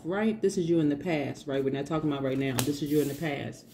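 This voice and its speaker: A woman's voice: sits low, fast, few pauses, mellow. A woman giving a casual tarot reading, chatty and emphatic, repeating her points and laughing often. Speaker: tarot reader.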